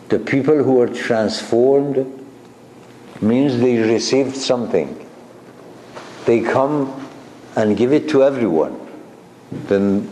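Slow, mellow teacher in an echoey room. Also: male voice, fairly low pitch, a little hiss or hum. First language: not English. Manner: slow, halting, questions to listeners. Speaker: spiritual teacher. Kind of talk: explaining a text to a class.

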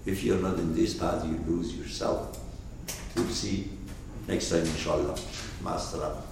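A man teaching through an animated story, asking his listeners questions, in an echoey room from a distance. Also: low-pitched, measured pace, gravelly, noisy background. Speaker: teacher of a spiritual lesson. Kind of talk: storytelling lesson. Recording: echoey room, far from mic.

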